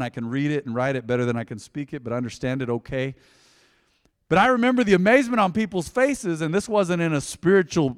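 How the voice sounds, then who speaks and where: Animated male preacher in a big hall. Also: clean studio sound. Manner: conversational, joking, dynamic swings in pitch and loudness. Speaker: pastor. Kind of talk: sermon.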